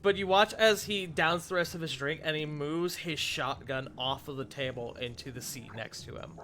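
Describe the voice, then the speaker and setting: A man narrating a tabletop game as game master, relaxed with many fillers. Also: fairly high pitch, moderate pace, a little hiss or hum.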